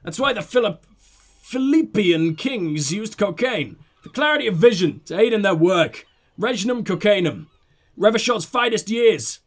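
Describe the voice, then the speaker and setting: A stubborn, dignified old guard, voiced by a man in a let's play reading who keeps everyone at arm's length. His lines come out lower than the reader's own voice, aloof and clipped, with a lively, rising and falling delivery. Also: unhurried. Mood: proud.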